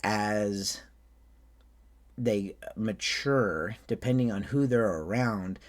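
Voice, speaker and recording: Man with a put-on German accent, low voice. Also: takes it slowly. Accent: slight Southern and Western American. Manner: animated, jumps up high when showing his flamboyant character. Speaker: Renaissance faire performer. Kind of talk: casual talk on accent technique.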